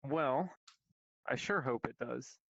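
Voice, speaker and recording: A man's voice: medium pitch, takes it slowly, creaky, fairly bright tone, dry recording. A man co-hosting a casual chat, teasing and self-mocking in a dry way. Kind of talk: casual group banter. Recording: dull lo-fi mic.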